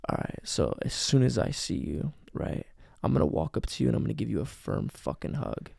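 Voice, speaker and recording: A man putting on a slow, commanding, half-whispered voice as a dominant lover in whispered role-play. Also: very animated, warm tone, no echo, studio quality, exaggerated voice. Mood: low, dominant. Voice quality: low, breathy, half-whispered. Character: dominant man murmuring explicit promises to a lover.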